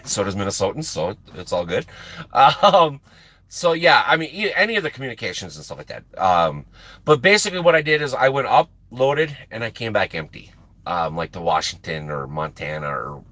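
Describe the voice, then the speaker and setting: Trucker host, forties, rambling emphatic chatter, dry close mic. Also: male voice, lowish voice, sing-song, normal speed, pushed and bright, no echo. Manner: rambling, emphatic, repeats words for effect. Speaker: livestream host and truck driver. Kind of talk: casual chat with stream viewers.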